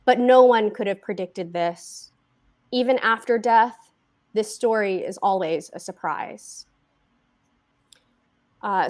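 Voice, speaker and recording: A woman author reading her own fiction aloud at a book event, slow and deliberate with dramatic pauses. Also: mid-range voice.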